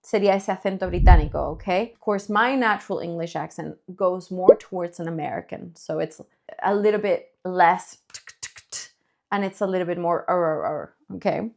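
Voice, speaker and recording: A woman from Spain with a Spanish accent, teaching English pronunciation, stretching words out slowly to model them. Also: lowish voice, gravelly, a little mellow. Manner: slow drawn-out modeling of words, then quick explanations. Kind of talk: bilingual language lesson.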